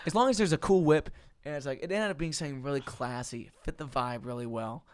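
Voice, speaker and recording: Man, podcast host, animated storyteller, acts out quotes, slightly high voice, dry close sound. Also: quick pace, smooth, no room sound. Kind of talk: casual storytelling chat.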